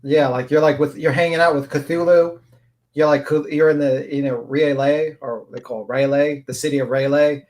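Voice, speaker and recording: A man's voice: fairly high pitch, fairly even intonation, normal speed, darkish tone. A man chatting on a live stream, rambling and thoughtful as he explains his ideas, swearing casually.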